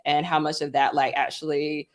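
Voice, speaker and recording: Low-voiced reflective woman. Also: flat delivery, normal speed, faint music behind. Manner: reflective, uses therapy vocabulary, many fillers. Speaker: guest. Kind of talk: casual radio chat.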